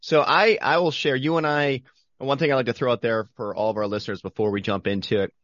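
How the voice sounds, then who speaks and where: A man hosting a podcast interview, upbeat and energetic, talking in a rambling casual way. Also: medium pitch, fast, dry recording, dull audio. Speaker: podcast host.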